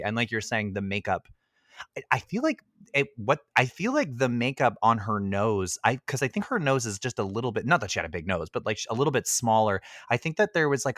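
A man co-hosting a casual movie review chat, talking in a chatty way with lots of fillers and animated asides. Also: fairly low pitch, no room sound, studio quality. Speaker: podcast co-host.

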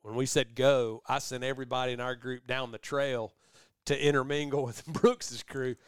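A man's voice: mid-range voice, moderate pace, clean tone, dry recording, studio quality. A middle-aged man, hosting a podcast and telling a long rambling story in casual chat. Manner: rambling storyteller, animated voices for quoted people. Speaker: podcast host.

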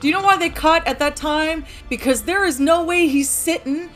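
A woman's voice: sits high, normal speed, faint music behind. A woman co-hosting a casual podcast, telling stories about a TV episode with playful mock outrage. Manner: expressive, mock-outraged storytelling. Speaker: podcast co-host. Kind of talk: casual chat recapping a TV episode.

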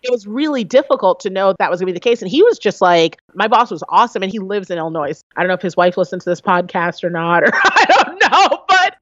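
A woman guest on a podcast interview, telling her story in an animated, expressive way, laughing often and acting out what people said. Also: medium pitch, quick pace, hardly any pauses, no echo, dull audio. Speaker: podcast guest, business coach.

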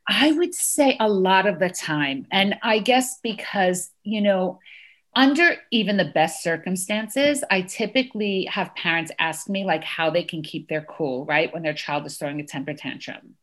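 A woman's voice: lowish voice, animated, moderate pace, fairly bright tone. A woman in her thirties, a parenting educator, explaining in an interview and often checking in with "right?". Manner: earnest, often adds "right?" to points.

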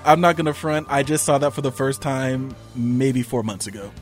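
A man's voice: mid-range voice, steady tone, normal speed, faint music behind. A man co-hosting a podcast in casual chat, opinionated and laughing between remarks. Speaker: podcast co-host.

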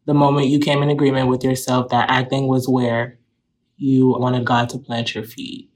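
A man from Florida, a listener asking a question in a steady, measured way. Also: mid-range voice, rough recording.

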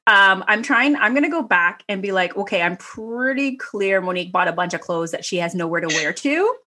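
A woman hosting a podcast, chatting casually and telling rambling, animated stories with a few laughs. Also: medium pitch, brisk. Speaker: podcast host. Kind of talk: casual chat.

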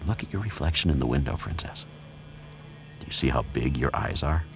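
Very deep, gravelly, teasing male narrator. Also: animated, brisk, background noise. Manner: low, teasing, murmuring, often slipping into a whisper. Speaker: narrator of an audio story. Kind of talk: intimate erotic role-play narration.

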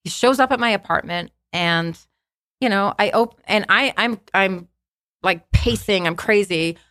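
A woman telling a personal story on a podcast, in a casual, animated way, acting out what people said with many fillers. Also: medium pitch, a little slow, no room sound, clean studio sound. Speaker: guest telling her story.

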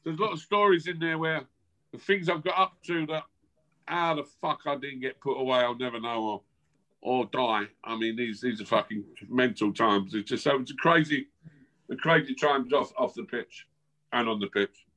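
A man's voice: mid-range voice, normal speed, sharp tone, rough recording. A man in his fifties from South London, speaking with a South London accent, chatting brashly as a guest over a video call, swearing and laughing. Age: 50s. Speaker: guest, former footballer. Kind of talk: casual chat.

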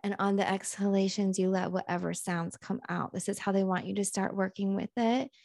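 A woman hosting a podcast, leading a guided channeling session in a calm, unhurried, musing way. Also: mid-range voice, vocal fry, no echo, studio quality.

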